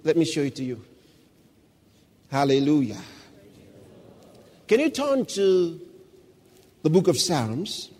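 A man preaching a sermon as pastor, reading scripture slowly and then breaking into shouts of praise. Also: fairly high pitch, slightly rough, in a large hall. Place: church.

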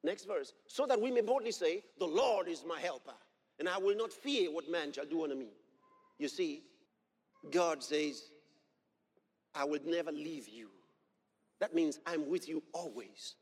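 High, lively-voiced preacher man in a reverberant hall. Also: a little slow, pauses often, breathy edge. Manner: emphatic, repeats key phrases and builds to shouts; reads scripture aloud in old-fashioned wording. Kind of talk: sermon.

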